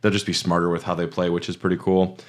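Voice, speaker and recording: A man's voice: deep voice, completely flat delivery, quick pace. A man co-hosting a casual podcast, explaining game details at length with many "uh"s and "like"s. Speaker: podcast co-host. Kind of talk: casual chat about a video game.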